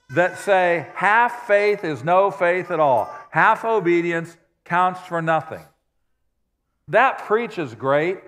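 A man's voice: high voice, a bit bright. Man preaching in a reverberant church. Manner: conversational, self-deprecating storytelling. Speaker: pastor. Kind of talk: sermon. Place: church sanctuary. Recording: long reverb of a large church hall.

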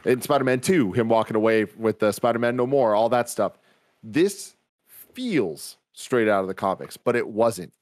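A man's voice: fairly low pitch, lively intonation, normal speed, dry recording, clean studio sound. A man co-hosting a podcast who talks enthusiastically about a film and makes his point at length. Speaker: podcast co-host. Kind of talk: casual movie discussion.

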